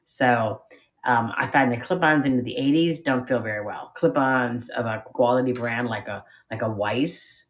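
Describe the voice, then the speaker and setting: A woman's voice: a bass voice, lively intonation, normal speed. A woman chatting casually as she sells vintage jewelry during a live sale, talking loosely about how the pieces feel to wear. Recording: dull lo-fi sound.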